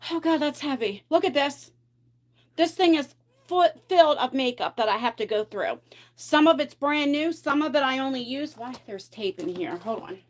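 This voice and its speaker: A woman's voice: high voice, lively intonation, moderate pace. A woman hosting a casual beauty livestream from home, chatty and rambling, laughing often and a bit out of breath. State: a bit out of breath from carrying heavy boxes. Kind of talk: casual live chat while decluttering makeup. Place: at home, in pajamas.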